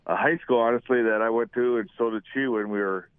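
An older man, a retired football coach, speaking on a radio interview with fillers and halting restarts. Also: mid-range voice, fairly even intonation, smooth, dry recording. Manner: halting, with fillers and self-corrections. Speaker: retired high school football coach, guest. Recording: tinny phone line.

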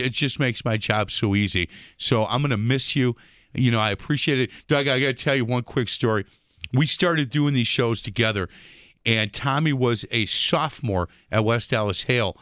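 A man co-hosting a radio show tells stories in a casual way and puts on voices for the people he quotes. His voice sits in a middle pitch. The sound is dry and close to the mic. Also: a bit bright, no echo. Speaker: radio co-host. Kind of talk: casual radio chat, animated storytelling.

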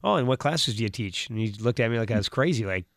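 A man who coaches high school football, talking casually as a radio co-host and telling long rambling stories. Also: expressive, dry recording. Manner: rambling, quick storyteller.

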